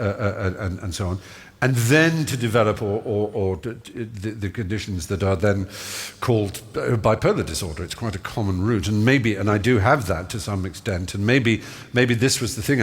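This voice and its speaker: A man's voice: on the low side, slightly rough. Articulate man on a theatre stage. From Norfolk, England. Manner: articulate, ornate vocabulary, playful, many fillers and restarts. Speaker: guest. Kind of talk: live on-stage interview, anecdotal. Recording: live theatre hall reverb, faint hiss.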